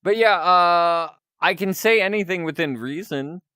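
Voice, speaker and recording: A man chatting casually with his stream audience while taking requests, talkative and quick to laugh at himself. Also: high-pitched, pushed and bright, clear, resonant tone, dry recording, clean studio sound. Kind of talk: casual chat.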